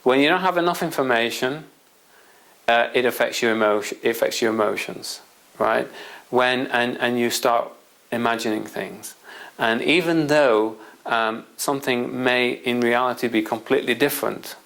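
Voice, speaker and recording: A man's voice: medium pitch, moderate pace, gravelly, fairly bright tone, poor audio. A man presenting a self-help system, explaining his point through a rambling everyday anecdote with asides to the listener. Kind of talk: explanatory storytelling talk.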